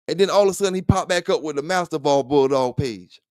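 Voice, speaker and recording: A man's voice: fairly high pitch, quick pace, a little mellow, smooth, dry recording, studio quality. A man hosting a livestream dog talk show, chatting loosely with viewers in profane trash talk and laughing often. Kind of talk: casual livestream chat.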